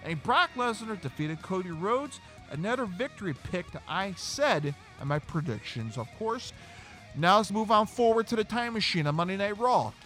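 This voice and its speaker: Animated male podcast host, high expressive voice, faint music behind. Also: moderate pace. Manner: animated, acts out quotes. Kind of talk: casual wrestling review.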